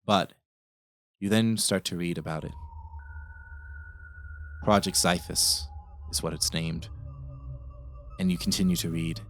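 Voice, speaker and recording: Deep-voiced man running a tabletop game. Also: steady tone, unhurried, long pauses, fairly bright tone, faint music behind. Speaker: game master.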